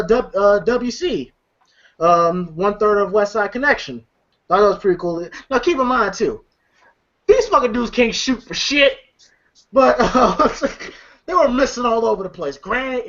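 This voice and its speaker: A high-pitched man talks through a movie scene by scene, cussing freely and laughing along with his friends. The recording is dull and lo-fi, with the top end muffled. His delivery is loose and chatty. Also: a bit bright. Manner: loose, profane, laughs often and retells scenes. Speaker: movie reviewer. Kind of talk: casual movie recap among friends.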